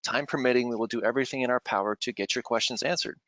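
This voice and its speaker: A man hosting a webinar, reading a formal guest introduction in a brisk style. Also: medium pitch, a bit bright, dry recording. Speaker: webinar host. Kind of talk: scripted introduction. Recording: dry dull lo-fi webinar audio.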